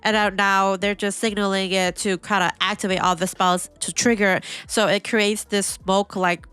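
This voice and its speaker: A woman hosting an anime reaction video, chatting casually and excitably, with lots of "like" fillers. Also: medium pitch, moderate pace, clear, resonant tone. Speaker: anime reaction channel host.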